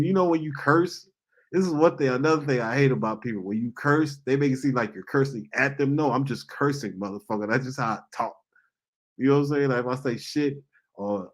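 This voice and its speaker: A man with a voice of ordinary pitch talks in a loose, casual monologue. He tells his stories bluntly, with plenty of cursing and street slang. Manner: blunt, profane storytelling with heavy slang. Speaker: host.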